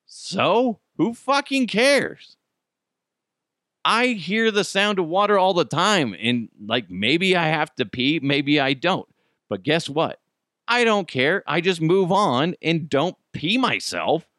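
A man hosts a podcast in a casual, foul-mouthed rant. His pitch swings widely, rising high when he is indignant. The sound is dry and close, with no room echo. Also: expressive, slow pace, a bit bright. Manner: ranting, swears a lot, laughs. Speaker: podcast host. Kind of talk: casual profane monologue.

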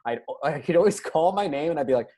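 A man's voice: a little high, quick pace. A man telling a funny story in casual podcast chat, acting out the people in it. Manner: animated, acts out quoted voices.

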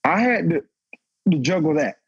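Husky man telling a raw story. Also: very animated, moderate pace, dry recording, dull audio. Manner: raw, emotional, profane, pitch climbing when stirred. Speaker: guest, former pro football player. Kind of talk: candid personal story on a podcast panel.

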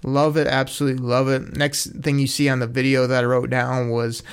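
Guy rambling about football, smooth clear voice, mid pitch, lots of restarts. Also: monotone, fairly quick. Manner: enthusiastic, rambling with many restarts. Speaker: sports podcast host. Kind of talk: casual sports talk.

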